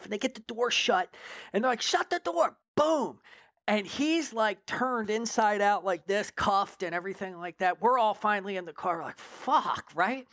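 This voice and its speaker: A man's voice: high-pitched, dry recording. A man, a former drug agent, telling a story in a casual interview, full of swearing and frequent "right?" check-ins. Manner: profane, animated storyteller who keeps checking in with "right?".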